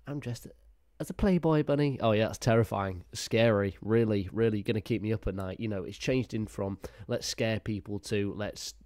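A man giving crude, mocking reaction commentary with deadpan asides. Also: on the low side, moderate pace, hardly any pauses, dry recording, studio quality. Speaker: YouTube commentator.

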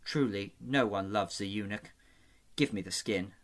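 A man reading aloud as a sly, courteous eunuch spymaster with a smooth, wry manner. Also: on the low side, unhurried, lightly acted.

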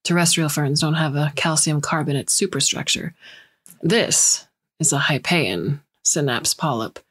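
A woman's voice: deep voice, measured pace, a bit bright, breathy edge, full character voice. A woman reading the part of a cold, accusing male health inspector who lectures insistently.

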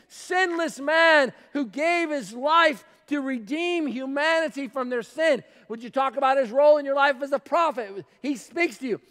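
Male pastor, very high voice, emphatic sermon full of repeated lines, long church hall echo. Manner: emphatic preaching, repeating phrases, swings from shouts to quiet asides. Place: church sanctuary.

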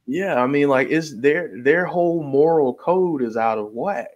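A man's voice: on the high side, measured pace, darkish tone, dull audio. A man co-hosting a podcast in casual chat, careful and hesitant with many restarts. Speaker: podcast co-host.

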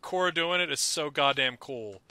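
A young man with a very bright, fairly high voice talks eagerly in a casual podcast chat, and he gets animated as he recaps the scenes. The sound is close and dry, with no room in it. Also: moderate pace, clear, resonant tone, dry recording. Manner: enthusiastic, animated fan talk. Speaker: podcast co-host.

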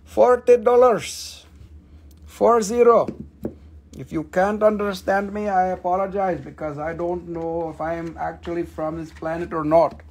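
High, gravelly man joking through a sale. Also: moderate pace, few pauses, slight background noise. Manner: playful, joking, easily excited; drifts into broken-English sales talk. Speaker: host selling crystals on a live stream. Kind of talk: casual live sales chat.

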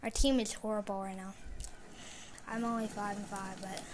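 A woman giving live commentary while playing a shooter game, mostly muttering low with sudden loud outbursts. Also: level tone, normal speed, slight background noise. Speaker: gamer streaming live play.

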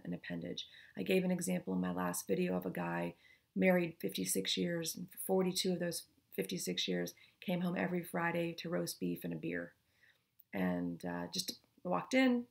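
A woman's voice: on the low side, gravelly. A middle-aged woman therapist giving relationship advice in a casual talk, checking in often with "okay?" and now and then acting out what couples say. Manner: acts out quoted couples in passing.

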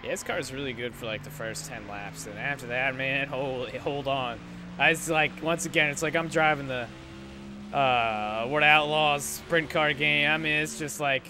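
A young man giving casual, rambling gameplay commentary, sarcastic and quick to swear when frustrated. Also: mid-range voice. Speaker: gaming YouTuber. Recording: loud engine noise behind voice. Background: game engine noise.

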